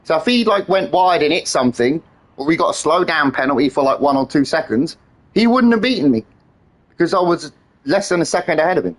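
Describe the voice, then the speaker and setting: A man streaming a racing game live, talking excitedly with friends and swearing freely as he teases them. His voice sits high and swings widely in pitch. It has a rough, husky edge. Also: brisk. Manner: excitable, swears often, teasing banter with friends. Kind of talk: live-stream gameplay chat.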